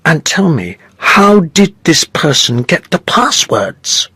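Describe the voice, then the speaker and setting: A man's voice: on the high side, sing-song, slow, husky, no room sound, voice pushed up, exaggerated voice. A man doing a stern bank manager. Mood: tense. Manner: raised, sharp, commanding. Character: stern middle-aged male bank manager.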